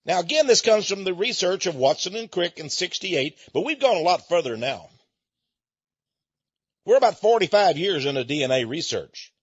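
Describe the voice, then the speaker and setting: A man's voice: high voice, big pitch swings, normal speed, slightly rough, dry recording. A man giving an emphatic, preaching-style monologue, stretching out key words, repeating himself and chuckling now and then. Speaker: speaker addressing listeners. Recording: dull lo-fi recording.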